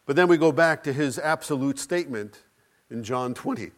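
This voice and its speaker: A man preaching an Easter sermon, emphatic, with dramatic pauses and swings between loud and soft. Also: mid-range voice, expressive. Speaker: pastor.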